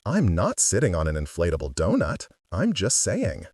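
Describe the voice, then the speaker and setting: Bossy joking teen girl in a storybook, man reading her, husky and low-ish. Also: huge pitch swings, moderate pace, dry recording, clean studio sound, heavily acted. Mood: teasing. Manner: loud, teasing.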